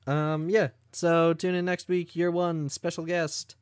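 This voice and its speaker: A man's voice: fairly high pitch, little pitch movement, a little slow, smooth. A man co-hosting a podcast in casual chat, talking in a tired, rambling way with lots of fillers. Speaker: podcast co-host.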